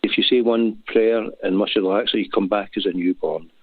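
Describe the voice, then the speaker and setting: A man's voice: lowish voice, fairly even intonation, brisk, slightly rough, dry recording. Glaswegian man, phone-in caller, earnest, stumbling restarts, thin telephone sound. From Scotland. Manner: earnest, rambling with many restarts. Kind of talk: emotional phone-in call. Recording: dry, tinny phone line.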